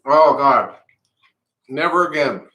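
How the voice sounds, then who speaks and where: Male vlogger, mouth on fire, breathless, pained groans, slow drawl, bright tone, echoey room. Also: on the high side. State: mouth burning, short of breath. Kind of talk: reacting on camera to a hot pepper.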